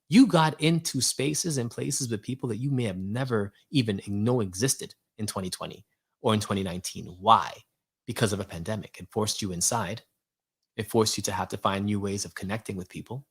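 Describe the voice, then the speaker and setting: A man hosting an animated, casual motivational talk, full of rhetorical questions and quick laughs. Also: medium pitch. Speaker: host.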